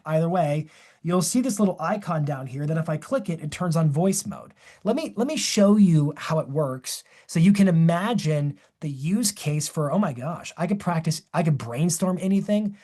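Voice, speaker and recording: A man presenting a live webinar, talking in an energetic, enthusiastic and demonstrative way. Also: a little high.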